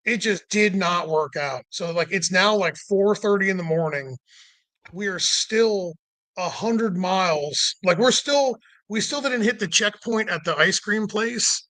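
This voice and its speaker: A man with a high, bright, forceful voice speaks a little slowly on a dry recording, casually recounting a long road trip. His telling rambles with many "like" and "you know" fillers, and he acts out quoted people as his voice rises.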